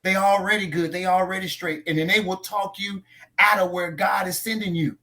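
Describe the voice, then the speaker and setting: Bright, high-voiced preaching man. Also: fairly even intonation, a little fast. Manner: preacherly, emphatic, repeats key lines; trains others in tone and inflection. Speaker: church leader on a post-sermon talk show. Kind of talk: casual faith discussion.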